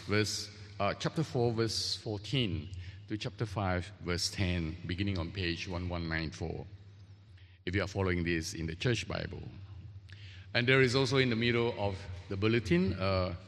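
A man preaching a sermon as pastor, measured and hesitant, with many fillers and restarts. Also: on the low side, a bit bright, in a large hall. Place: church.

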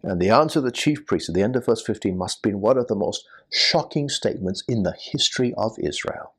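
A man preaching an expository sermon, measured and rising to emphatic points. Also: fairly low pitch, lively intonation, slightly rough.

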